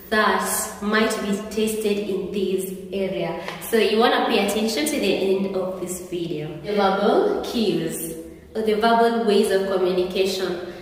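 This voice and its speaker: A woman's voice: mid-range voice, slight background noise. A woman teaching an exam revision lesson to camera, playful and asking the viewer questions. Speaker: English teacher. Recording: echoey room, voice from far off.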